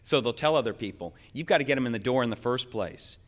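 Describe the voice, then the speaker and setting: A middle-aged man giving a conference keynote in a folksy, joking and energetic way. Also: mid-range voice, quick pace. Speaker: keynote speaker. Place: conference hall. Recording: long hall reverb.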